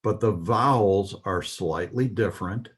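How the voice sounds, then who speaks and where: A man with a husky voice teaching a lesson, reading words slowly and carefully with some pauses. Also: on the low side. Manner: spells out words carefully, pausing with "uh". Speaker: Hebrew teacher. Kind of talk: slow, deliberate lesson.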